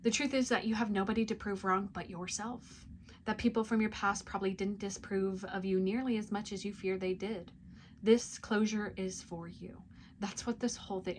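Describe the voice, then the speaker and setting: A woman sharing an intuitive spiritual message with her viewers, speaking softly and intimately, often dropping to a near-whisper, with plenty of casual fillers. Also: mid-range voice, slight background noise. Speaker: spiritual reader and channel host.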